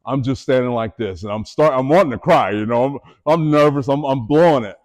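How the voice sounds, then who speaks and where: Middle-aged male speaker, former athlete, animated storyteller addressing students directly, average pitch. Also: a little fast. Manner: animated storytelling, voices the people in his stories; addresses the audience directly with questions. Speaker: motivational speaker. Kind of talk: motivational talk to students.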